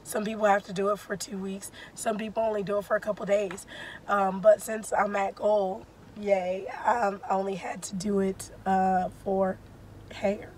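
Hoarse woman, voice giving out. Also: mid-range voice, level tone, moderate pace, darkish tone, slight background noise. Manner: strained voice breaking into whispers. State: hoarse, losing her voice. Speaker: vlogger. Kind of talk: casual vlog. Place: in a car.

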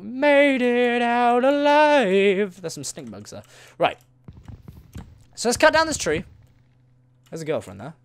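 A man giving casual solo commentary on his own gameplay, rambling playfully, talking to the creatures he meets and bursting into excited shouts. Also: fairly high pitch, dry recording. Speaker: gaming video host.

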